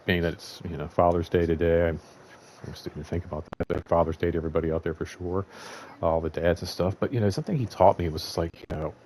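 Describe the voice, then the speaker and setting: A man's voice: low voice, a little mellow, a little hiss or hum. A young man hosting his own show, talking in a loose, rambling way, full of fillers and blunt swearing. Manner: rambling, filler-heavy, candid and profane. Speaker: show host. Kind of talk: casual rambling monologue.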